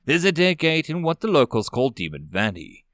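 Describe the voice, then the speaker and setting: A woman's voice: low-pitched, big pitch swings, normal speed, dry recording, studio quality. Man voicing Rook, a stern woman marshal. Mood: commanding. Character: stern, commanding woman marshal, quick to give orders.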